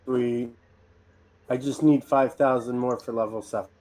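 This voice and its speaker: A man's voice: medium pitch, steady tone, moderate pace, darkish tone. A man in casual chat as a tabletop game player. He talks eagerly about rules and his character's abilities, sometimes stumbling over his words.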